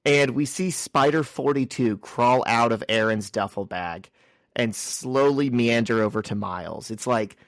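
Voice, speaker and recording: Male podcast co-host, lively storyteller, mid pitch, dry close sound. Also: no room sound. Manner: animated storytelling, acts out characters' lines in quick asides. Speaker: podcast co-host recapping comics. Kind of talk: casual chat.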